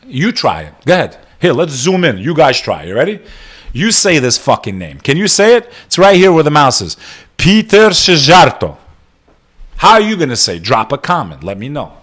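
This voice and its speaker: A man's voice: a little high, very animated, brisk, fairly bright tone, husky. A man hosting a live news-reaction podcast. He reads headlines aloud and then breaks into profane, sarcastic rants that grow heated.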